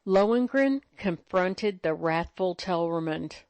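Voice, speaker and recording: Low-voiced woman reading a tale. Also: dry recording. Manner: measured, even storytelling. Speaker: audiobook narrator. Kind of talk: storybook narration.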